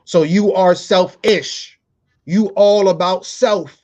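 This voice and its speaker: A man's voice: sits high, fairly even intonation, slow, a little mellow, highs cut off. A man hosting a podcast, delivering a playful, profane comedic monologue full of fillers. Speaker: podcast host.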